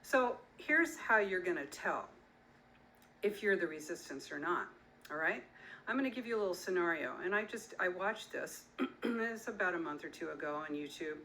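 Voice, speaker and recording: Woman, middle-aged, earnest, emphatic, direct address, slightly low voice, faint background noise. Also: lively intonation, normal speed, bright, forceful tone, rough recording. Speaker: author and activist. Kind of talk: direct-to-camera talk.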